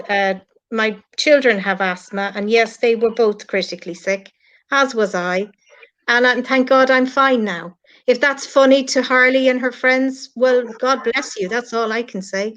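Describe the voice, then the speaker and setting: Her voice leans high with a fairly bright tone. She's a middle-aged woman from Ireland, a guest on a live stream, and she talks with real feeling and earnestness, answering critics directly, all captured in lo-fi online audio.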